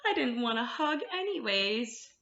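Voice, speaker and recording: A woman's voice: fairly high pitch, sing-song, measured pace, a bit bright, roomy sound, highs cut off, full character voice. A woman doing a pleading sulky little dragon.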